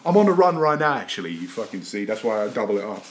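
A man playing a brash, boastful young London wannabe rapper in an improvised comedy rant, swaggering and crude, with a put-on London accent and sudden shouts. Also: fairly low pitch, very animated, fast, pitched below the performer's own voice. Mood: aggressive.

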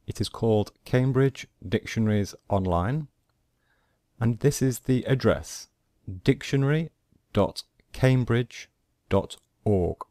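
A man teaching a pronunciation lesson over a screen recording, explaining slowly and step by step. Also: mid-range voice, expressive, warm tone, no echo, studio quality. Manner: slow, deliberate, explaining step by step. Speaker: language teacher.

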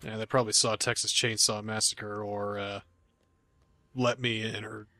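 A man's voice: lowish voice, level tone, normal speed, vocal fry, bright, forceful tone, no echo. A young man co-commentating a game, rambling and laughing easily. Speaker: let's play co-commentator. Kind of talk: casual gameplay commentary.

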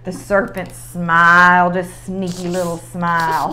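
Brief: woman leading a children's sermon, playful storyteller, lively pitch, faint noise behind. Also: measured pace.

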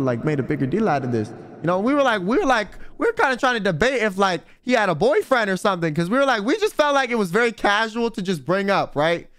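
A man's voice: sits high, fairly bright tone, clear, resonant tone, no room sound. A young man streaming, telling a rambling, slangy story in casual chat. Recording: faint music behind.

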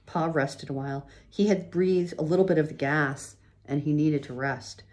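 A woman reading a children's chapter book aloud, gently pausing to show pictures. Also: low voice. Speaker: reader.

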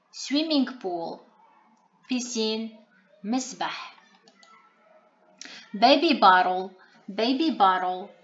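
A woman teaching vocabulary, repeating each word slowly three times and explaining pronunciation plainly. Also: a little high, muffled recording. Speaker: language teacher. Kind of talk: vocabulary lesson, repeating words.

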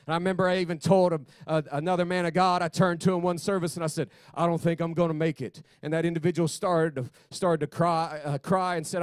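A fervent male youth pastor preaching at a church service, his voice sitting a little high for a man. He swings between loud exclamations and hushed, intimate asides. The sound is close and dry. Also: steady tone, fast talker, hardly any pauses, no echo. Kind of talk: sermon.

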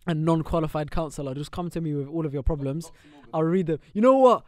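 A man's voice: fairly high pitch, fast, darkish tone. A young man co-hosting a podcast in casual, joking, rambling banter. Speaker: podcast co-host. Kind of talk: casual chat.

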